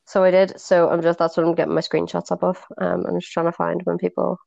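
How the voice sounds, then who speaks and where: A woman's voice: on the low side, level tone, fast talker, vocal fry, a little mellow, no echo, muffled recording. A woman in her twenties co-hosting a podcast, chatting casually, swearing freely and filling her talk with "like". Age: 20s. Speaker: podcast co-host. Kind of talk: casual chat.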